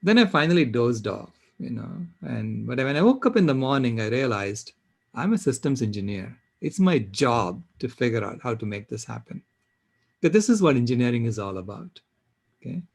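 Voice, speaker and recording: Gravelly older man telling a story. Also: mid-range voice, normal speed, dry recording. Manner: animated, emphatic storyteller. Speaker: panel speaker. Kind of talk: personal storytelling talk.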